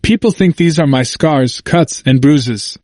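A man voicing an intense, earnest man in his seventies with a hoarse voice and an emphatic manner, in a dry recording. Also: on the high side, animated, unhurried, no echo, pitched above the performer's own voice. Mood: quiet, earnest. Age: 70s. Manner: forceful and emphatic, then near-whispered.

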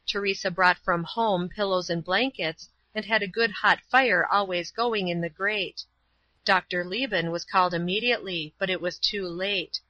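A woman reading a novel chapter aloud in an even, measured narration. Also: on the low side, lo-fi sound. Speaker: audiobook reader. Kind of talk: scripted narration.

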